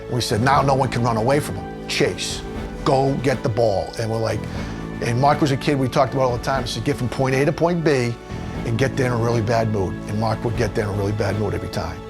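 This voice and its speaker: Gravelly man recalling his player. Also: mid-range voice, steady tone, quick pace, over music. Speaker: high school football coach. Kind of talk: documentary interview.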